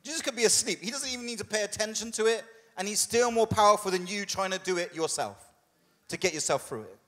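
A man preaching a sermon as a pastor, conversational and humorous, putting on quick voices for the people in his story. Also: sits high, animated, a bit bright, big-room sound. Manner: conversational and humorous, with quoted asides. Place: church hall.

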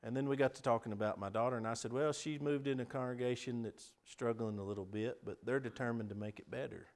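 A middle-aged man preaching a sermon, earnest, building to emphatic appeals and dropping to soft pleas. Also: mid-range voice, steady tone, fast talker.

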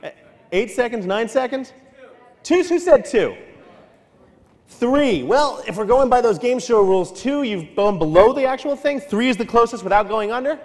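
A man from New York giving a conference keynote talk, telling stories with quick asides and acting out what people said. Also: extremely high pitch. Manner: animated, storytelling with quick asides and acted-out quotes. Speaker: keynote speaker. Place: large hall. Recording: long hall reverb.

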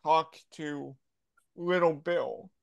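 A man's voice: fairly high pitch, extremely slow, vocal fry, smooth, no room sound, lo-fi sound. A man co-hosting, chatting in an amused, casual way. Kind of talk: casual chat.

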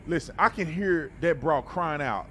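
Speaking at normal speed in a slightly high, somewhat bright voice, this reaction video host gives blunt, preachy, casual commentary and stumbles over repeated words. Faint ambient noise sits in the background.

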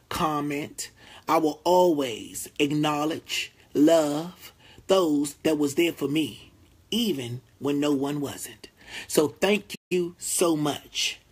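A man talking to his fans in a casual, heartfelt vlog, animated, profane and emotional, drawing out his thanks slowly. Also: husky. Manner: drawls slow heartfelt thanks, then bursts high and loud. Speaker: vlogger addressing fans.

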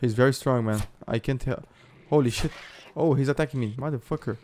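Excitable Brazilian gaming YouTuber. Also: male voice, medium pitch, a little fast, slight background noise. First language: Brazilian Portuguese. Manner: excitable, loud outbursts and cursing. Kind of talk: live gameplay commentary and voice chat.

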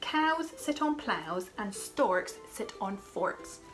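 A woman's voice: medium pitch, big pitch swings, slow, rough recording. A woman doing a bossy storybook cat. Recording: music playing over the voice.

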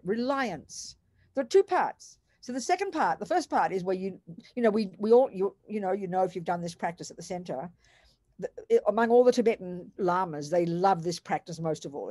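An older Australian woman teaches a class in an emphatic, animated way, her pitch of middle height. Her talk is blunt and colloquial, and it sounds close and dry with no room around it. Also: no echo. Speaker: Buddhist nun teacher.

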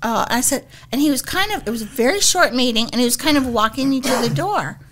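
High-pitched lady guest on a podcast, giggly, acts out the quotes as she tells it. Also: lively intonation, fast talker, noisy background. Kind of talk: animated storytelling.

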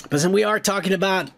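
A male comedy podcast host tears into the news in a profane, indignant rant. His voice sits a little high with a gravelly, fried edge, and he swears in nearly every line. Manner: loud, indignant, swears constantly.

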